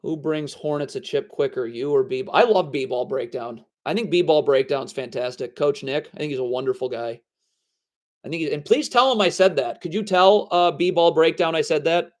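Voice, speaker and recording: A man's voice: fairly high pitch, moderate pace. A man hosting a live basketball draft reaction stream, blunt and sarcastic as he rants. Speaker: basketball livestream host.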